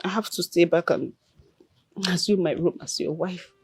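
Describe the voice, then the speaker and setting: A woman's voice: on the low side, normal speed, a little mellow, breathy edge, no room sound. An actress with a Nigerian accent playing a homesick young queen who speaks tearfully and pleadingly.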